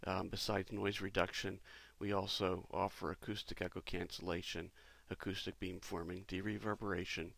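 A man, a company president, talking through a product demo in a relaxed, explanatory way with frequent pauses. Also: deep voice, creaky, no room sound. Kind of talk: casual product demo walkthrough.

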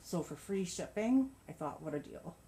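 A woman's voice: lowish voice, animated, moderate pace, warm tone, slight background noise. A woman vlogger chatting casually about her crochet projects and yarn, gushing and laughing often. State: a bit out of breath. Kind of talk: casual show-and-tell chat.

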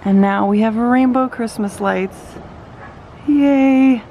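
A woman in her thirties with a Californian accent, softly and affectionately talking through her family's day in a casual home vlog. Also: a little high, takes it slowly, lo-fi sound, a little hiss or hum. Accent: Californian English. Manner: soft, affectionate, talks through plans. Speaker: vlogger mother.

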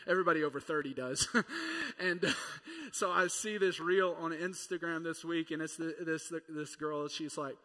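Bright-voiced pastor in a reverberant hall. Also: male voice, fairly high pitch. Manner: conversational and playful, acting out quotes. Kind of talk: sermon. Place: church.

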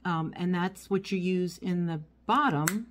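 A woman's voice: on the low side, measured pace, slight background noise. A woman chatting casually as she unboxes and shows a haul of small items at home, rambling as she goes. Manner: chatty, rambling, talks while handling items. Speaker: vlogger. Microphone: phone. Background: crinkling packaging.

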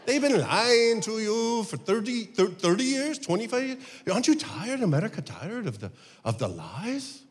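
A pastor doing a fed-up Italian cabbie. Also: male voice, sits high, big pitch swings. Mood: scolding. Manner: slow, repeating, scolding. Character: exasperated Italian taxi driver, man.

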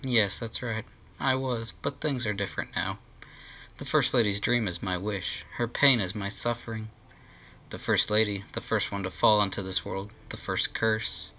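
A man's voice: lowish voice, moderate pace, pushed and bright. A man reading a greedy, haughty game queen. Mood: scheming. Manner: haughty, possessive, theatrical. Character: greedy, domineering young queen, woman.

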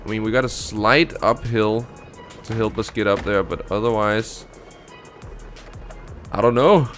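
A man's voice: on the low side, measured pace. A man hosting a gaming channel, giving casual commentary and thinking aloud as he plays, with faint background music. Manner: relaxed, thinking aloud while playing.

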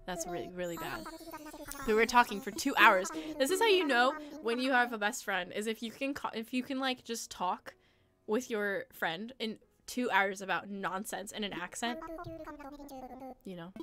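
A young woman streamer plays a game while chatting casually, rambling and giggling as she teases herself. Her voice is a little high with lively intonation, at a normal speed. Game music plays behind her.

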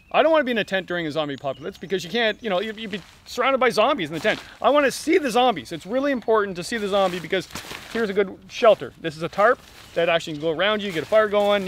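A middle-aged Canadian man reviewing camping gear outdoors at a campsite, making jokey deadpan asides between many fillers. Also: sits high, rapid-fire, a little hiss or hum. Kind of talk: joking gear review vlog.

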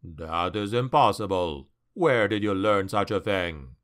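A proud male dark elf warlord, sneering and imperious, voiced by a man reading a fantasy audiobook. His voice sits low and crisp, with an unhurried, contemptuous drawl. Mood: scornful.

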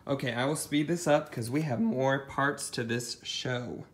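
A man's voice: mid-range voice, measured pace. A man casually chatting as he shows off a thrift haul, rambling with lots of ums and side comments. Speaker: thrift reseller showing a haul. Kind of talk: casual haul vlog chat.

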